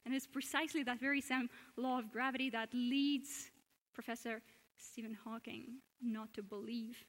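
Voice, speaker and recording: At a church, a woman delivers an earnest public lecture in a slightly high, somewhat bright voice, posing questions and frequently restarting sentences. The recording carries a long hall reverb.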